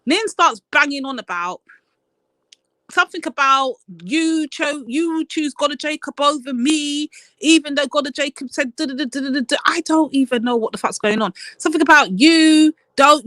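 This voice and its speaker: A woman's voice: high voice, sharp tone, dry recording. A woman hosting a live stream panel, telling a story in a blunt, swearing rant.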